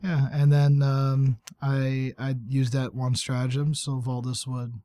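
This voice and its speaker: A man's voice: medium pitch, monotone, a little slow, mellow. A man chatting as a podcast guest about a tabletop game, joking and teasing. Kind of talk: casual chat recapping a tabletop game.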